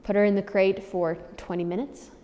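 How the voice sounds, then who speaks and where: A woman's voice: medium pitch, flat delivery, moderate pace, dark tone, in a large hall. A woman dog trainer giving firm, practical instructions to new owners, repeating key warnings for emphasis. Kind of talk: instructional handover talk.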